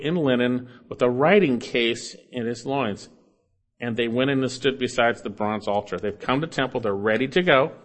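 A man preaching an expository sermon, reading scripture aloud and urging listeners earnestly, rising loud then dropping low. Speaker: pastor.

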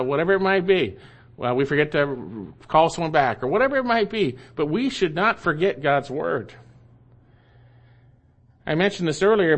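A man preaching a sermon, reading scripture slowly and repeating key phrases for emphasis. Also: fairly high pitch.

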